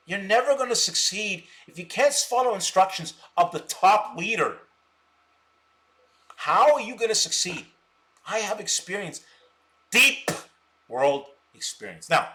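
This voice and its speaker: A man hosting a stock trading live stream, mocking his viewers scornfully and boasting, with loud bursts of laughter between rambling stretches. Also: high voice. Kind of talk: ranting live stream talk.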